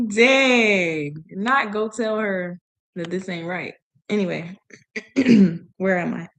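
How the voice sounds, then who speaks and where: Lady reading out loud for practice, laughs a lot, keeps stopping to figure out words, normal mid voice. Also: medium pitch, sing-song, extremely slow, long pauses. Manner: chatty, laughs often, stops to puzzle over words. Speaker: language learner reading aloud. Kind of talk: casual reading practice with commentary.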